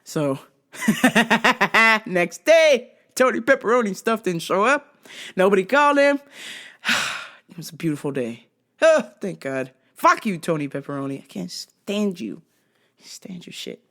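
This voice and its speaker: A woman's voice: medium pitch, very animated, unhurried, a bit bright. A woman telling a comic story in a profane, sarcastic way. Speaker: host. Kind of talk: comedic storytelling.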